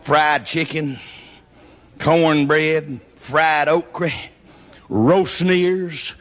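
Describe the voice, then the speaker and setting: A man's voice: fairly high pitch, extremely slow, a bit bright. A man with a Mississippi accent telling a Southern comedy story in a folksy drawl, whooping as he goes. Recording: long hall reverb.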